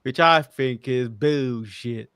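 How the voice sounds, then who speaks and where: A man's voice: medium pitch, slow pace, fairly bright tone, clear, resonant tone, no room sound. A man with an English accent co-hosting a casual wrestling review, recapping news and arguing his points. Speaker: podcast co-host.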